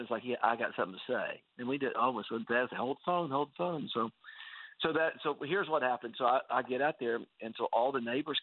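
A man telling an earnest personal story as a guest, talking casually with many restarts. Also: mid-range voice. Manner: earnest, full of fillers and restarts. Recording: tinny phone-like line.

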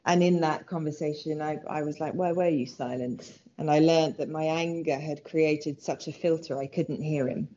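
A British woman, a guest, sharing a personal faith story in an earnest way, with soft laughs. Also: deep voice, fairly even intonation, moderate pace, few pauses, highs cut off.

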